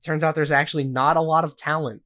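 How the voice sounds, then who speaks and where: A man's voice: a little high, steady tone, quick pace, pushed and bright. Young man, podcast co-host, casual chat, rambling, profane, heavy filler words. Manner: rambling, profane storytelling with lots of "like".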